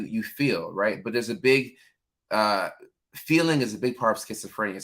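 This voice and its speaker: A man who is a mental health clinician hosts a casual livestream, chatting freely with plenty of fillers and reading viewers' names aloud. His voice is lowish and a bit bright.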